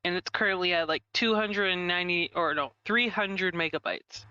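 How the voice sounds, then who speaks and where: A man's voice: sits high, normal speed, pushed and bright, smooth, no echo, lo-fi sound. A man chatting casually on a live stream, rambling and giggling as he snacks. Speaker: streamer co-host.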